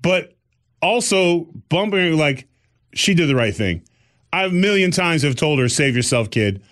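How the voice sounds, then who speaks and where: A man co-hosting a podcast, telling a story in an animated way and acting out the people in it. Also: fairly high pitch, a little slow. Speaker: podcast co-host. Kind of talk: casual chat.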